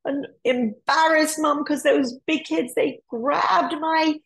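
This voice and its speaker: A woman voicing an upset young boy who tells his mum, in halting bursts, about being bullied. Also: sits high, steady tone, vocal fry, voice pushed up, full character voice. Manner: halting, tearful complaint.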